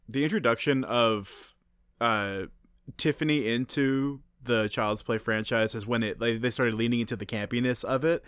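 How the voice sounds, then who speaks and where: A man's voice: mid-range voice, normal speed, smooth, no echo, studio quality. A man with a stuffy nose co-hosting a podcast, chatting casually and animatedly about films. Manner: animated, laughs often, frequent "like". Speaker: podcast co-host.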